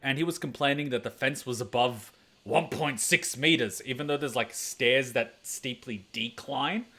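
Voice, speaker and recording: A man's voice: medium pitch, normal speed, bright, forceful tone. A young man, a reaction channel host, telling a long, rambling, profane story in casual chat and laughing often. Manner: rambling, profane, laughs a lot, acts out voices.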